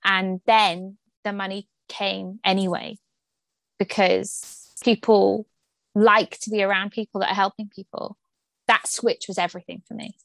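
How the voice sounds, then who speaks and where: A woman's voice: medium pitch, flat delivery, measured pace, gravelly, a bit bright, no echo. A woman hosting an interview, chatty and joking, often poking fun at herself. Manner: chatty, joking, self-deprecating. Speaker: interview host. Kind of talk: casual interview chat.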